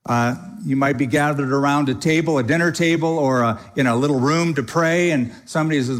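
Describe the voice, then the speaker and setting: A middle-aged man preaching a sermon to a congregation in a casual, animated way, now and then acting out other people's prayers. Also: fairly high pitch, brisk, few pauses. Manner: animated, conversational preaching with mock quoted prayers. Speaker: pastor. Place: church sanctuary before a congregation.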